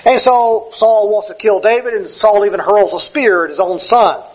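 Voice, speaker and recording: Husky high-voiced male preacher. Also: moderate pace, dull audio. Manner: conversational, self-correcting, acts out quoted speech. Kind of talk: sermon. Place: church sanctuary with slides.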